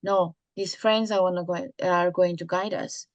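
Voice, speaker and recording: A woman voicing a young man, a devoted lover, who speaks in a soft, reassuring, confident way. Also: on the low side, fairly even intonation, moderate pace, no echo, close to an everyday voice.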